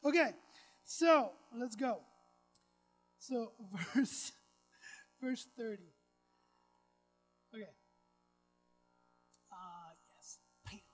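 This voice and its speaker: This woman's voice sits a little high, and the recording is rough. Her sermon opens chatty, full of offhand asides and jokes at her own expense, before rising into forceful, repeated lines.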